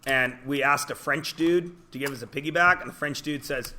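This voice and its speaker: Bright-voiced joking teacher. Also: male voice, medium pitch, brisk, few pauses, a little hiss or hum. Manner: joking, storytelling, quizzes students. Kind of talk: classroom lecture. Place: classroom.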